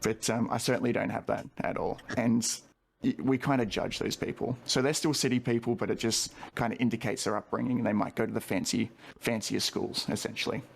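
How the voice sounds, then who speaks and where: A man with a general Australian accent talks through regional dialects in a relaxed online chat. His voice has a gravelly, creaky edge, and he circles back with fillers and restarts as he explains. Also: on the low side, fairly quick. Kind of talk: casual online panel chat.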